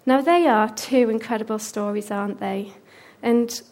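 Woman storyteller, bright higher voice, lively Bible retelling. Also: normal speed, gravelly. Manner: expressive, drops to whispers for suspense. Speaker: Bible teacher.

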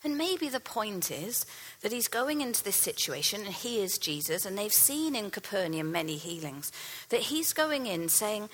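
A woman preaching a sermon, retelling a Bible story with earnest storytelling and dropping to a soft hush for key lines. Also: medium pitch, very animated, moderate pace, rough recording.

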